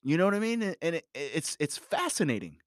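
This dad's voice is fairly high and swings widely in pitch, and he talks a little fast. He's telling a casual, rambling story about his family, emphatic, swearing often, and saying "you know" constantly, all captured in clean studio sound without echo.

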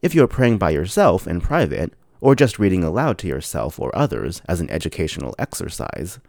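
A man narrating a scripted podcast lesson in a measured, explanatory way, spelling words out slowly. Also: sits low, very animated, gravelly, darkish tone, dry recording, studio quality. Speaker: podcast teacher.

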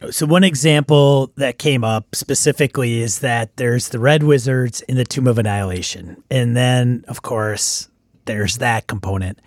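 A man's voice: mid-range voice, normal speed, no room sound, studio quality. A man who runs tabletop games, talking in a rambling casual way and often breaking off mid-thought. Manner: rambling, self-interrupting. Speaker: game master guest. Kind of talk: casual chat.

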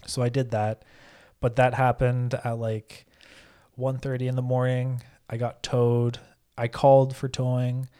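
Casual podcast co-host, man, steady flat delivery, rambling and profane. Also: medium pitch, measured pace, clean tone. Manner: rambling storytelling, frequent swearing and fillers. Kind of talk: casual chat.

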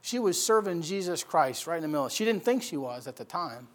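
A man preaching a sermon, swinging from loud emphatic bursts to quiet storytelling. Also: a little high, big pitch swings, brisk. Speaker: pastor.

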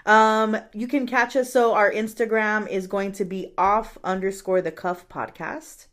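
A woman's voice: mid-range voice, steady tone, unhurried, fairly bright tone. Woman podcast host signing off. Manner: friendly, agreeable, frequent fillers. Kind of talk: casual podcast chat.

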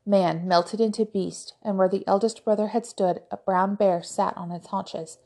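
A woman narrating a fantasy novel aloud in an even, measured storytelling voice. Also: mid-range voice. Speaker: audiobook podcast narrator.

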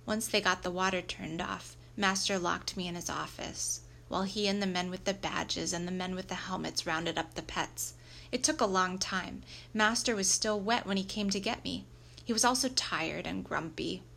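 A woman narrating a children's book aloud in a lively, expressive storytelling manner. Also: lowish voice, normal speed, gravelly, slight background noise. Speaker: audiobook reader.

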